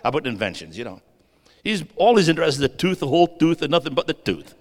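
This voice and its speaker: A middle-aged man preaching as a guest preacher, energetic and calling on the audience to respond, building to emphatic bursts. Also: a little high, quick pace. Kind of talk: sermon. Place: church sanctuary. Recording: long church reverb.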